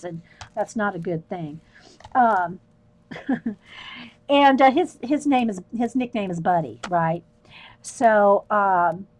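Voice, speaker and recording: A woman's voice: mid-range voice, darkish tone. A middle-aged woman telling rambling stories while painting on a livestream, often breaking into laughter. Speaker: art livestreamer. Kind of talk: chatty storytelling while painting.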